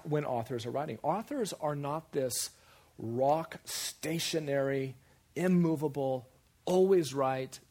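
A man preaching a sermon, animated, repeating phrases for emphasis and jumping into quoted voices. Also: mid-range voice, slightly rough.

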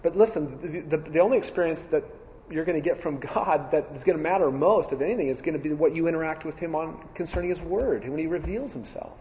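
A man with a slightly raised voice teaches a Bible class, earnest and repetitive, pausing on ums and restarting phrases. His voice carries a long hall reverb and sounds a little dull and muffled. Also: a little high, darkish tone, a little hiss or hum. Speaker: church teacher.

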